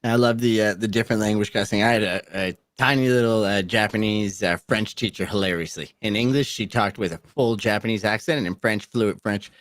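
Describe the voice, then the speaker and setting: A man co-hosting a casual podcast, telling relaxed anecdotes and laughing often. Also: on the low side, fairly quick, hardly any pauses, no echo. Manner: laid-back, laughs often. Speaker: podcast co-host. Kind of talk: casual chat.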